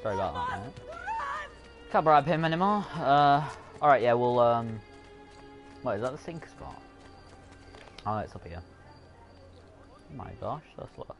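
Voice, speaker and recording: His mid-range voice swings widely in pitch, a little slow and with frequent pauses. He's a gaming streamer giving casual, rambling let's-play commentary over his own play, often self-correcting, while game music runs underneath.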